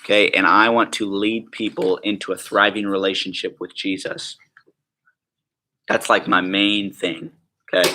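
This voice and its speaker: A man leads a prayer-school class in an easygoing, conversational way. His voice sits a little low, and he jokes with the room and keeps asking if they follow. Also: little pitch movement, unhurried, bright, forceful tone. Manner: chatty, joking, full of "like" and "right?". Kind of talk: casual classroom teaching.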